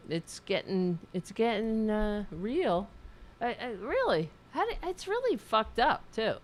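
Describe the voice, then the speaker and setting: A woman hosts a political talk show and speaks with a caller, blunt and outspoken, swearing freely and often restarting her sentences. Her voice is a little high and very animated, but she doesn't rush.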